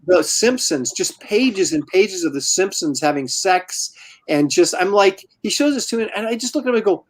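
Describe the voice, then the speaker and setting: A man's voice: high voice, expressive, moderate pace. A man, a comic artist, telling wry, incredulous stories in casual chat on a group video call.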